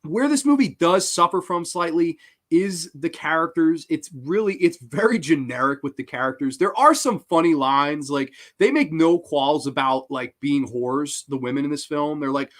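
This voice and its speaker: A man hosting a horror film review show, talking casually in an excitable, profane way. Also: on the high side, moderate pace.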